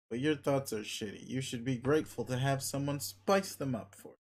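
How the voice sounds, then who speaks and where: A man's voice: mid-range voice, brisk, few pauses. Man giving dry, mocking narration. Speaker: webcomic reader. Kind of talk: reading a webcomic aloud.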